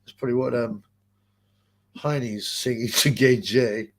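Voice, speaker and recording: Gravelly, rambling man on a livestream. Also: mid-range voice, fairly even intonation, unhurried, pauses often. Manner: rambling, crude and gossipy, with frequent fillers. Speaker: livestream host reading chat comments. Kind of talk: casual livestream chat.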